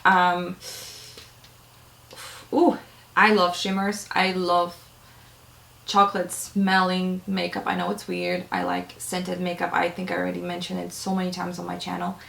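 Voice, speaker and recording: A woman's voice: lowish voice, monotone, unhurried, gravelly, pauses often, fairly bright tone, reverberant. A young adult woman chatting casually and enthusiastically to camera as a beauty vlogger, with lots of fillers. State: a little out of breath.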